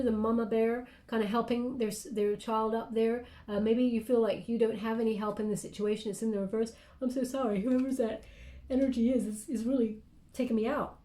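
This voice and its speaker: A woman's voice: a little high, warm tone, roomy sound. A woman giving a casual tarot reading, rambling and apologetic, with lots of fillers and restarts, yawning and sleepy. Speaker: tarot card reader.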